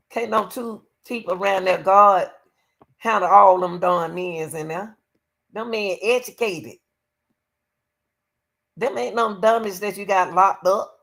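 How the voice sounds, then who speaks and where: A woman's voice: mid-range voice, unhurried, creaky, long pauses, fairly bright tone. A woman hosting her own commentary channel, giving blunt, opinionated takes and talking straight to her viewers in a casual way.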